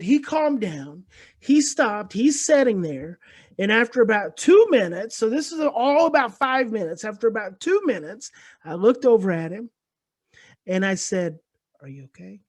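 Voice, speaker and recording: A man giving an earnest lecture about parenting. He tells a personal story, repeats key points and explains them calmly. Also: extremely high pitch. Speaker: speaker on parenting and attachment.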